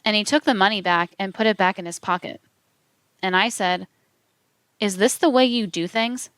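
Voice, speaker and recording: A woman narrating a true-crime account in a measured, even reading, voicing quote marks aloud. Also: medium pitch, clear, resonant tone, no echo.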